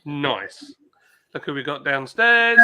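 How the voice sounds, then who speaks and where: A man's voice: fairly high pitch, big pitch swings, slow, bright, forceful tone, clear, resonant tone. A man hosting a casual livestream chat, reading out viewer comments and bantering. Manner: chatty, banters and reads out chat messages. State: ill and isolating. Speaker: livestream host.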